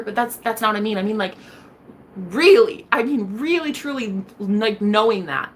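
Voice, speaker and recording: A sassy young woman rambles to her camera in a casual vlog, playful and cheeky, sometimes hushed and sometimes loud. Her pitch sits in a mid range. A faint hiss runs under her voice. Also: normal speed. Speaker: vlogger.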